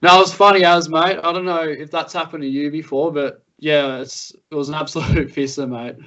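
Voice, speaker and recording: A man's voice: fairly high pitch, steady tone, brisk, bright, forceful tone. A young Australian man co-hosting a podcast, chatting casually and laughing his way through stories. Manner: laid-back storytelling, laughs through tales. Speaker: podcast co-host. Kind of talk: casual chat. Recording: muffled lo-fi audio.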